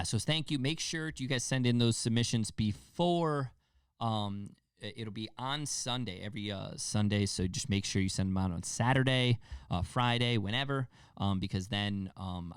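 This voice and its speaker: Man, podcast host, casual rambling chat, lots of fillers, swears freely, lowish voice, dry close sound. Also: clean tone, dry recording.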